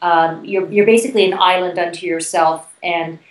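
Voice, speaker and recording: A woman with a Canadian accent, a keynote speaker answering interview questions in a clear, explanatory way, with fillers and restarts. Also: lowish voice, fairly even intonation, normal speed, echoey room, distant mic, poor audio.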